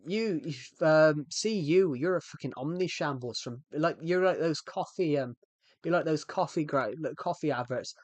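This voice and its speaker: A fairly high-pitched man talks at a normal speed with lively intonation, and there's no room sound. It's casual live-stream chatter, jokey and meandering, with sentences he keeps abandoning and restarting.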